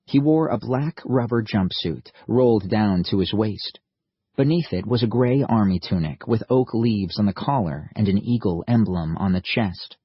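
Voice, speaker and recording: Low husky guy narrating an audiobook, slow and steady, dry lo-fi sound. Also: no echo. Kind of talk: scripted narration. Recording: slightly muffled lo-fi audio, dry.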